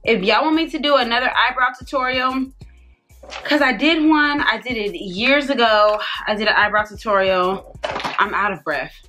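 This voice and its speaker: With faint music in the background, a beauty vlogger who's been drinking swears casually as she chats through her makeup routine. Her fairly high voice sounds pushed and bright, moving at a moderate pace.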